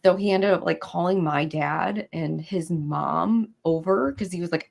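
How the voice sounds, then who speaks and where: A young woman recounts a hard stretch of her life in easy podcast talk. Her voice sits a little low, with a gravelly fry, and she slips into lively acted-out quotes of what others said. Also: a little slow. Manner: animated storytelling, acts out quotes. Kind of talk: casual podcast conversation.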